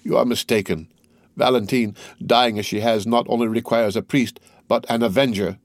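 A man's voice: medium pitch, steady tone, normal speed, dry recording, natural voice. A man reading the part of a grief-stricken young man who pleads and swears vengeance. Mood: accusing. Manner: impassioned, pleading.

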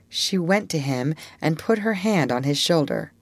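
Woman reading a classic story aloud, low voice that moves around a lot, dry close mic. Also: animated, unhurried, hardly any pauses, dry recording. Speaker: audiobook narrator. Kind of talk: scripted storybook narration.

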